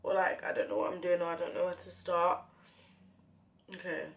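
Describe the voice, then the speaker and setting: A woman's voice: lowish voice, little pitch movement, normal speed. A young woman chatting to camera while doing her makeup, tearful and hesitant, with many fillers, recorded at home. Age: young adult. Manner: soft, hesitant, full of fillers. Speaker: beauty vlogger.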